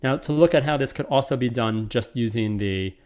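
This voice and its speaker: A man teaches poetry over a video call, his pitch sitting in an ordinary middle range. He explains step by step, thinking aloud as he works through each point. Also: brisk, a little mellow, smooth. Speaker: lecturer. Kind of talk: online literature lecture.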